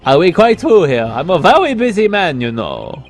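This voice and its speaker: A man's voice: high voice, big pitch swings, normal speed, faint music behind, heavily acted. A man voicing a vain, flamboyant male dandy in a video game, speaking pompously and theatrically. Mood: haughty. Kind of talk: reading game dialogue aloud.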